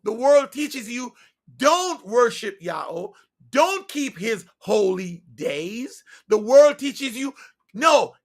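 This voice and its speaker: A man preaching a sermon with fervent insistence, firing rhetorical questions and swinging from loud emphasis to hushed near-whispers. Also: extremely high pitch.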